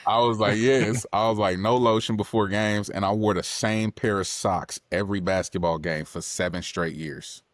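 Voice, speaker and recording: A man in casual podcast chat, laid-back and quick to laugh, who coaches. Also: fairly low pitch, fairly even intonation, no echo, studio quality. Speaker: podcast guest.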